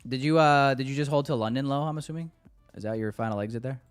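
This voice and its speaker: A day trader livestreams his trading and banters loosely with viewers, joking, casual, and sometimes profane. He talks fast at a medium pitch with a clean tone, over soft background music.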